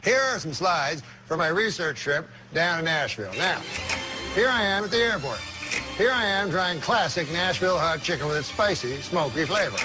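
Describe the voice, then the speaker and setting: An actor playing a folksy older chicken-recipe pitchman in a scripted TV ad, with an upbeat, salesy delivery. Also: lively intonation, moderate pace, natural voice. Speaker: ad spokesman for a chicken chain. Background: music.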